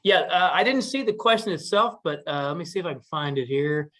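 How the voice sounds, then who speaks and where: A man telling a traditional story casually at a community meeting, relaxed and animated. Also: a little high, brisk.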